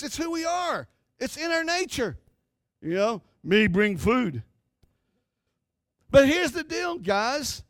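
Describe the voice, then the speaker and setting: Male pastor, middle-aged, high voice, fervent sermon, dry close sound. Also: fairly bright tone, no echo. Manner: impassioned preaching, rising and falling emphasis.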